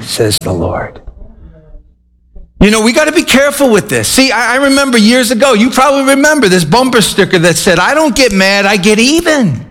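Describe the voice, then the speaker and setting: A man's voice: extremely high pitch, fairly bright tone. A man preaching a sermon, earnest and emphatic, telling anecdotes to make his point. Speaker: pastor.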